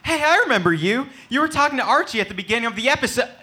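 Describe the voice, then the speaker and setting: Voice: mid-range voice, lively intonation, racing, bright, forceful tone. A performer reading the part of an awkward, lovestruck teenage boy in a comedic table read, dry and goofy. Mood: deadpan.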